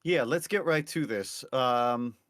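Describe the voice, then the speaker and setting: A man's voice: mid-range voice, slow pace, a bit bright, no echo, studio quality. A man playing a tabletop game, speaking hesitantly with many fillers. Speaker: player. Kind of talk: tabletop role-play.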